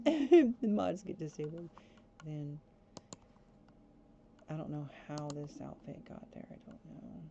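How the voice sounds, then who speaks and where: A woman streaming a life-sim game, chatting casually and breaking into excited squeals. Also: lowish voice. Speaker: gaming streamer. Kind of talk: casual gameplay commentary. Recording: slightly dull sound with faint background hiss.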